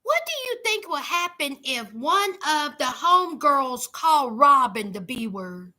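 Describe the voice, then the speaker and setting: A woman's voice: sits high, lively intonation, a little slow, sharp tone. A woman hosting a casual livestream, giving sassy, emphatic commentary and talking straight to her viewers. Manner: sassy, emphatic, talks to viewers as y'all and honey. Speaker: commentary host.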